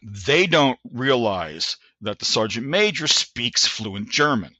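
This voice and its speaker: A man in his sixties telling a story as a podcast guest. He talks in an animated way, with frequent restarts, and acts out the voices of people he quotes. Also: medium pitch, slow pace, dry recording, lo-fi sound. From United States. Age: 60s. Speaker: guest, Army veteran. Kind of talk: anecdotal storytelling in a podcast interview.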